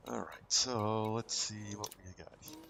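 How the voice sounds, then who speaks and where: A man's voice: fairly low pitch, steady tone, a little slow, gravelly, a bit bright, a little hiss or hum. A man with an American accent streaming a game on a headset mic, chatting casually and thinking aloud with plenty of ums. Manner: thinks aloud with many fillers. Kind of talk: casual gameplay chat.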